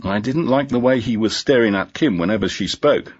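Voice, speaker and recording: A man voicing a persistent, joking male police inspector in a storybook reading, brisk and businesslike, on a dull lo-fi recording. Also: fairly low pitch, husky, pitched above the performer's own voice.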